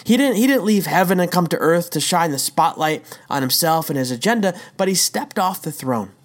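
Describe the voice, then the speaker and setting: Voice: medium pitch, expressive, a little fast. Emphatic conversational devotional speaker. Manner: emphatic storytelling with rhetorical questions; conversational, says "dude" and "right?". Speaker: devotional teacher. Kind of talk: casual devotional talk.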